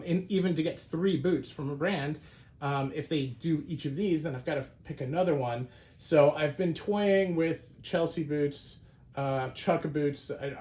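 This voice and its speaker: A man's voice: a little high, a little mellow. Man chatting casually with many fillers. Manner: conversational, many fillers and restarts. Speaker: shoe collector and channel host. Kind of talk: casual show-and-tell vlog.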